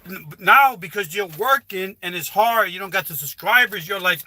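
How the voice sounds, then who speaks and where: High-voiced, bright, rambling man. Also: expressive, moderate pace, no echo. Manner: rambling, repetitive, with frequent restarts. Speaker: livestreaming YouTuber. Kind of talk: casual live stream advice talk. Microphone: phone held while livestreaming.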